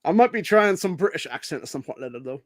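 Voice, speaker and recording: A man's voice: on the high side, animated, quick pace, no echo. Swearing, rambling man with a dry mic. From Ohio. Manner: swears constantly, rambling, says dude and bro. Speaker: podcast host. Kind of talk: profane rant and casual monologue.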